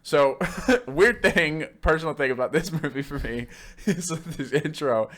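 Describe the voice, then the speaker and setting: A man's voice: a little high, lively intonation, unhurried, a bit bright. A man in his twenties co-hosting a podcast, recapping a movie in a casual, profane, rambling way with frequent laughs. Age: 20s. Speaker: podcast co-host.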